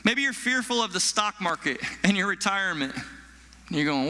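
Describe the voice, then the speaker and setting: A male pastor preaching a sermon to his church, animated, acting out frightened people with stammers and sighs. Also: sits high, moderate pace. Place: church hall. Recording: long echo of a large hall.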